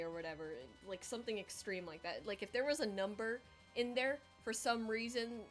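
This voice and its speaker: A young woman streamer talks casually while she draws. She rambles, laughs at herself and leans on filler words, and she slips into exaggerated voices when quoting people. Soft music plays faintly behind her. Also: fairly high pitch, brisk. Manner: rambling and self-deprecating, heavy filler words; acts out quoted voices in exaggerated tones. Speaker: livestreamer.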